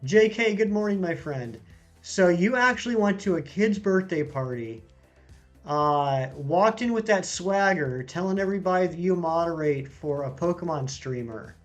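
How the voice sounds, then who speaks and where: Young man with a somewhat high voice, talking casually over faint music. He banters easily with his viewers and reads their comments aloud as he goes. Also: expressive, normal speed, muffled recording. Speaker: streamer reading chat. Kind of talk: casual live-stream chat.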